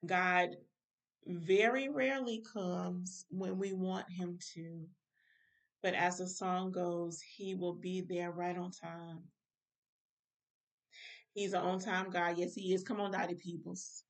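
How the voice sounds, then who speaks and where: A woman's voice: fairly low pitch, steady tone, slow pace, recorded from a distance. A woman minister giving a casual Bible study talk, speaking straight to her listeners. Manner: informal, direct address to listeners.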